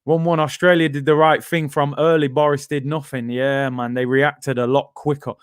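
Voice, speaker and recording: A man's voice: mid-range voice, flat delivery, moderate pace, clear, resonant tone, dry recording, studio quality. A man hosting a casual football talk stream, chatting loosely with many fillers and asides while reading viewer comments. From England. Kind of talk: casual live-stream chat.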